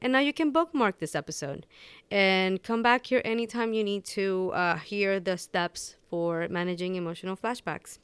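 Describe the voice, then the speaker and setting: A woman's voice: mid-range voice, normal speed, smooth, no room sound. Woman, podcast host, unscripted, candid, rambling, resonant voice, dry sound. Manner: candid, rambling, with frequent restarts and fillers. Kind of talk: unscripted personal podcast talk.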